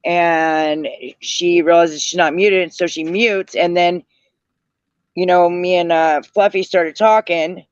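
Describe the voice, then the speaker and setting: High-voiced tired man telling gossip. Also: fairly even intonation, slow pace, clear, resonant tone, no echo. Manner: rambling, circles back, retells quotes. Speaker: livestream panel guest. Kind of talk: casual gossip storytelling. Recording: dull lo-fi dry audio.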